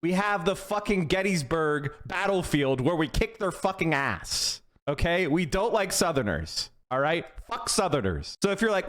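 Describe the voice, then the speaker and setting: A man's voice: high-pitched, sing-song, normal speed, few pauses. A man from Pennsylvania, a political streamer, ranting profanely and reading news aloud with heated reactions. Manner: profane, heated, swings between shouting and muttering. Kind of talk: ranting livestream commentary.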